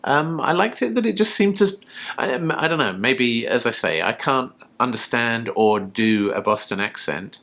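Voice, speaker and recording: A man's voice: medium pitch, expressive, normal speed, gravelly, fairly bright tone. A man from the UK co-hosts a casual, tipsy chat, wandering from joke to long rambling story. His voice swings widely up and down as he talks. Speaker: co-host.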